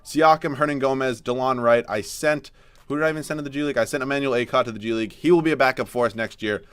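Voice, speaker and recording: Speaking fast in a clear, resonant, mid-range voice that's a bit bright, a young gaming YouTuber narrates his own sports video game. Frustration and self-mockery swing into an upbeat tone he clearly has to force.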